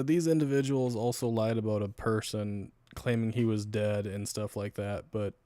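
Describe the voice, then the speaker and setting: Low-voiced casual streamer man, swears freely. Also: mellow, dry recording. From United States. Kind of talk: casual live-stream chat.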